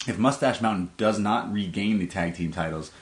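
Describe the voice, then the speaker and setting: A man's voice: on the low side, moderate pace. A man co-hosting a podcast, chatting casually and retelling events with frequent laughter. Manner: laughs often, lively storytelling. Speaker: podcast co-host. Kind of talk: casual chat recapping wrestling.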